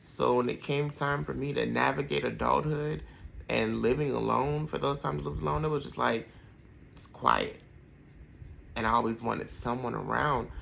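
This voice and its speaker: Gravelly man in his thirties reminiscing. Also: medium pitch, steady tone, normal speed, a bit bright, slight background noise, low-quality recording. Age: 30s. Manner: heartfelt, rambling with many fillers. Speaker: podcast host. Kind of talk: personal reflective storytelling.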